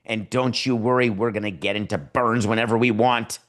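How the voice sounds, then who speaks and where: A man voicing a giddy, self-satisfied new team owner who is newly rich, talking in an excited, boastful way from his home studio. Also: fairly low pitch, normal speed, natural voice.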